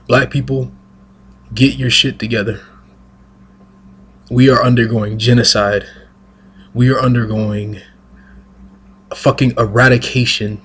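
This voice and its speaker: A man in a mid-pitched voice with a husky, breathy grain, swearing heavily through an emphatic solo rant. He pushes hard on his points, speaking into a single mic. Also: fairly bright tone. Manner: emphatic, profane, heated. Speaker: vlogger. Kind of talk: profane monologue rant.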